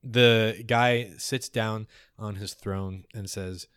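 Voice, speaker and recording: A man's voice: fairly low pitch, steady tone, takes it slowly, fairly bright tone, clear, resonant tone, no echo, studio quality. A man narrating descriptively as game master of a tabletop game. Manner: descriptive, with fillers.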